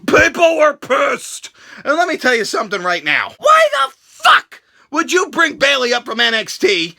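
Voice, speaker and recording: A man hosting a comedic wrestling recap vlog, crude and jokey, with sudden shouted outbursts and exaggerated impressions. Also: extremely high pitch, wildly swooping pitch, moderate pace, gravelly.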